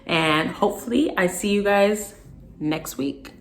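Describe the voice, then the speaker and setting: A young woman vlogger, telling a storytime in an animated, exasperated way. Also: medium pitch, measured pace, slight background noise. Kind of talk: storytime vlog.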